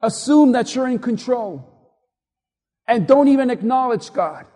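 High-voiced preacher man in a reverberant hall. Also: animated, unhurried, warm tone. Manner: emphatic preaching, repeats lines for the congregation to say along. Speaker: pastor. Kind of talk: sermon. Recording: long reverb of a large hall.

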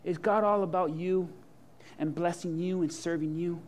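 A man preaching a sermon with humor and imagined dialogue, swinging from loud to hushed. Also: fairly high pitch, fairly even intonation, moderate pace. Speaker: pastor.

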